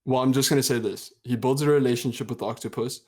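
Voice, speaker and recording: A man's voice: medium pitch, steady tone, quick pace, a little mellow. Easygoing young South African man. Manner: easygoing, reflective, laughs easily. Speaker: podcast co-host. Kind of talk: casual chat.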